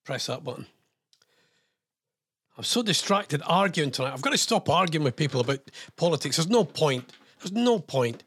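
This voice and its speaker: A man's voice: a little high, sing-song, moderate pace, long pauses, fairly bright tone, slightly rough, no room sound. A man hosting a radio show, chatting casually in a rambling, self-deprecating way. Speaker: radio host.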